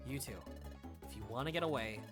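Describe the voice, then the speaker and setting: A woman voicing a cool-headed male lizard fugitive who gives low, clipped orders in a fan dub of a game. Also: fast, music in the background. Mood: urgent hush.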